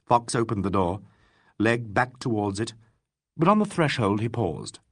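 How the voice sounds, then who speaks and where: A husky man narrating a classic mystery audiobook. His voice sits low but moves lively through each phrase. His storytelling is expressive. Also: measured pace, dry recording, clean studio sound. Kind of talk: scripted narration.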